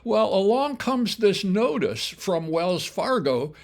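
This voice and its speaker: A man's voice: high voice, very animated, slow, creaky. An older man hosting a show, casually telling his own business history in a chatty, wry way, full of asides and self-corrections. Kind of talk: casual spoken memoir storytelling.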